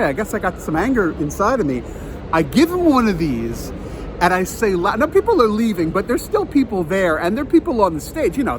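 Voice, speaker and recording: A man telling a story outdoors, exasperated and animated, voice swinging widely up and down, constantly cutting himself off. Faint outdoor noise sits behind him, and his voice is a touch higher than most men's. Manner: animated, exasperated, self-interrupting. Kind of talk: casual storytelling vlog. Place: outdoors near a train line.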